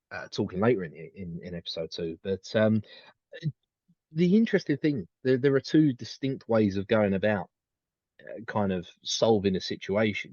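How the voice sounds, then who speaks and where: Brief: male podcast co-host, lowish voice, rambling with fillers, muffled dead-dry mic. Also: warm tone, dry recording. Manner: rambling, many restarts and fillers. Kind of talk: casual chat.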